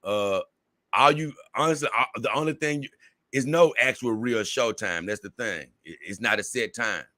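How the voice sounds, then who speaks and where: Bright-voiced Southern man chatting on a livestream. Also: mid-range voice, moderate pace, no room sound, studio quality. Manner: rambling, repeats words, laughs often. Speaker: livestream host. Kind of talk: casual livestream chat reading viewer comments.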